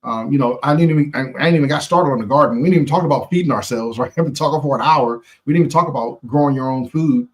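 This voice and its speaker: A man's voice: mid-range voice, fast, few pauses. A man hosting a live stream, giving an impassioned, preachy motivational talk in casual slang, repeating phrases for emphasis and talking straight to his viewers.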